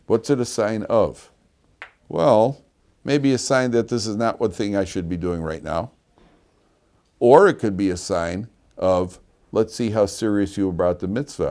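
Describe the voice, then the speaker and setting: A rabbi teaching a class, his fairly low voice swinging widely in pitch as he acts out his stories. He speaks in an animated, storytelling way and often breaks into laughter. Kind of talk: lively classroom lecture with anecdotes. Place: yeshiva classroom.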